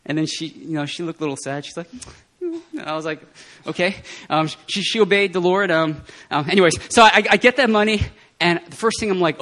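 A man speaking at a prayer meeting, telling personal testimony stories in an animated way and often laughing. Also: high-pitched, brisk, hardly any pauses. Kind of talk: testimony sermon.

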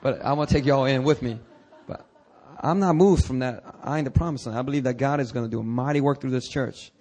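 This sermon comes from a man with a mellow, medium-pitched voice who speaks fairly quickly. The pastor keeps a conversational tone, tossing candid asides to the congregation, and occasionally builds into dramatic, rising cries.

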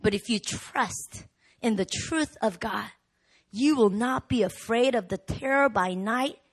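A woman pastor preaching a sermon, animated and rising to shouts in the swells of her message. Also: a little high, unhurried. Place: church hall.

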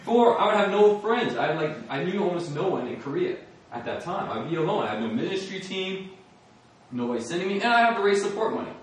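A man's voice: sits high, sing-song, quick pace, slight background noise. A young man giving an earnest testimony sermon, telling his story and acting out his prayers with laughs. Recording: echoey hall from far off.

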